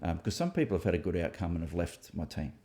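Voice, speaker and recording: A man's voice: deep voice, big pitch swings, fast, warm tone. A man hosting a casual discussion, reflective and thinking aloud with fillers and restarts. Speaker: author and host.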